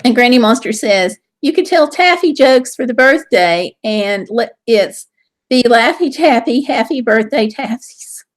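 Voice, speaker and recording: Woman, Southern US accent, casual live stream host, high-pitched, cheerful, reads chat comments. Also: animated, measured pace. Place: home.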